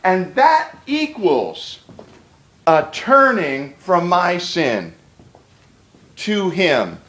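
A man's voice: high voice, very animated, extremely slow, fairly bright tone, echoey room, low-quality recording. A man preaching a sermon to a room of pastors, emphatic and conversational, with repeated words for stress.

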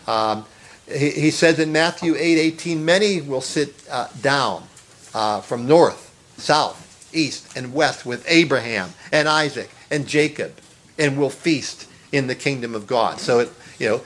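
A man's voice: mid-range voice, a little slow, a bit bright. A man preaching an earnest sermon, stressing phrases, repeating words and rising to exclamations. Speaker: pastor.

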